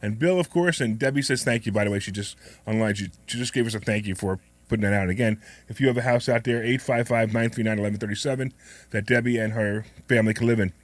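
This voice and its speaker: A hoarse man co-hosting a call-in show, chatting casually and joking with his partner. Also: on the low side, fast, dry recording. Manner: upbeat, joking, plugs the phone number. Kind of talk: casual radio chat.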